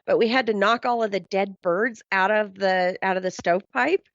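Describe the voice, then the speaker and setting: A woman's voice: mid-range voice, moderate pace, no room sound. A woman guest telling a paranormal story in casual chat, rambling and full of "um" and "you know". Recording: dull, dry lo-fi sound.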